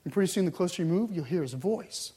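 A male pastor delivering a sermon, swinging between loud, urgent passages and hushed, intense ones. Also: sits high, animated, fast, husky.

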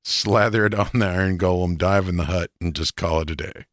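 A man's voice: low-pitched, fairly quick, a bit bright, dry recording, studio quality. A man co-hosting a casual podcast, laying out his ideas step by step in an easygoing way. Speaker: podcast co-host.

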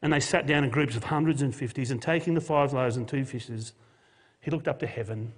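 A man's voice: mid-range voice, a little fast, breathy edge. A man, a pastor preaching a sermon and telling a Bible story with jokey modern asides. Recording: long hall reverb.

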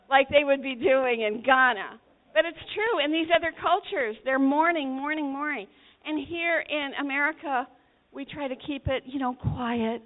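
A woman preaching a sermon, retelling a story with dramatic swings between hushed and shouted passages. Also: sits high. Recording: tinny phone-like sound.

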